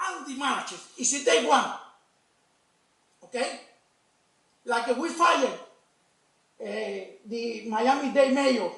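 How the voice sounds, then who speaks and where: A man's voice: very high voice, gravelly, a bit bright. A man from Cuba with a Cuban Spanish accent, speaking up with passion in broken English during public comment at a city meeting. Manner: broken English, impassioned, repetitive. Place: city commission meeting hall. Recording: echoey council chamber, distant mic.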